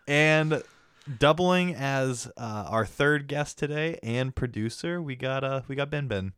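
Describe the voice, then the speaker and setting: A man's voice: mid-range voice, a little slow, fairly bright tone, clean tone, dry recording, studio quality. A man hosting a podcast in casual chat, joking around, swearing and laughing often. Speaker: podcast host.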